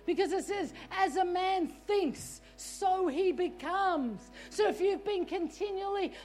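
A woman preacher delivering an exhorting sermon, repeating "come on" and "stop it" and rising to shouts. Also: very high voice, slow, faint music behind. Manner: shouts at peaks.

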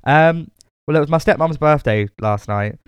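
A man in his twenties, co-hosting a podcast in casual, animated banter and swearing freely. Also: a little high, normal speed, smooth, no echo. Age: 20s. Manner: animated, swearing, laughs often. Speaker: podcast co-host.

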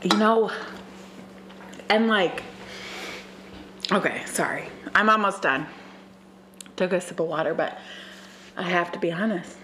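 A young woman hosting a podcast by herself, talking emotionally and swearing as she moves between quiet asides and fired-up preaching. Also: on the low side, measured pace, pauses often, background noise. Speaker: podcast host. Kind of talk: casual solo podcast rant.

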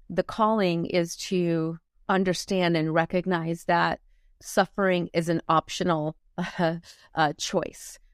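A woman who works as a motivational speaker and coach candidly recounts her life story in an interview, earnest and reflective, pausing often. Her voice is on the low side, and the studio recording is clean with no room sound.

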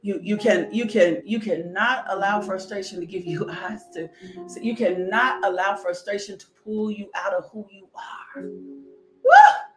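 A woman preaching a sermon with a personal testimony, animated and calling out with bursts of praise. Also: mid-range voice, moderate pace. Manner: animated, shouting "woo", laughing. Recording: echoey room with music behind.

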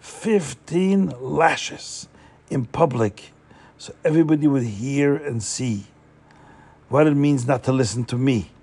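Guy doing a mean bossy nobleman, gravelly and husky, gloating the whole time. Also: medium pitch, takes it slowly, darkish tone, exaggerated voice. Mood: threatening. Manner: gloating, domineering. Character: cruel arrogant male nobleman, bossy and vengeful.

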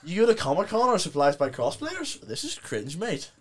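A man's voice: sits high, wildly swooping pitch, moderate pace, noisy background. A young man hosting a podcast, chatting casually with teasing, jokey banter. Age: young adult. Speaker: podcast host. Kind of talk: casual chat.

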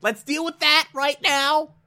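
Man doing a brisk, bossy male hacker. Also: very high-pitched, pushed and bright, pitched above the performer's own voice, heavily acted. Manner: hurried, bossy, brushing questions aside. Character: brisk male tech genius calling mid-crisis.

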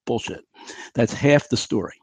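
A man's voice: mid-range voice, animated, moderate pace, darkish tone, dry recording. A middle-aged man, a physician guest on a podcast, explaining his ideas in an emphatic, blunt, conversational way and acting out what others said. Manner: emphatic, blunt explainer who acts out quotes.

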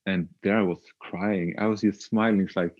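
Young guy, really low voice, halting and unsure, dull lo-fi sound. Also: fairly even intonation, no echo. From Sweden. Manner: hesitant, halting, with frequent filler sounds. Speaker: podcast guest. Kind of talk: reflective personal storytelling.

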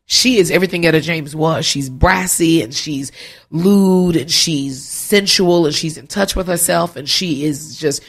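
Woman, podcast guest, animated, laughs a lot, voice recovering from vocal cord surgery, casual chat. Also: deep voice, unhurried, breathy edge. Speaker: guest actress.

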